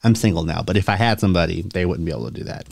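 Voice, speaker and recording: A man's voice: low-pitched, rapid-fire, vocal fry, heavy background noise. A man hosting a casual reaction video, chatty and opinionated, laughing often as he talks. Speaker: host.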